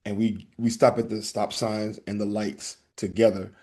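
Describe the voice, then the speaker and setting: A man hosting a casual podcast, telling a story in an animated way and acting out the back-and-forth. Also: lowish voice, normal speed. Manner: animated storytelling, acts out exchanges. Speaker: podcast host.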